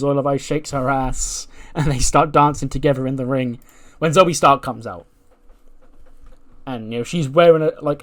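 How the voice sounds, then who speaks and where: A man casually narrating a wrestling booking game in a rambling style full of fillers. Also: medium pitch. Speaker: let's play host.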